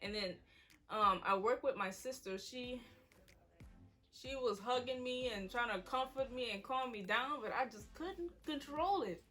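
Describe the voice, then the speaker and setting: A woman in her twenties, a vlogger, candidly shares an emotional story with her viewers in a chatty way. Her voice is fairly high and sharp in tone, and she takes her time.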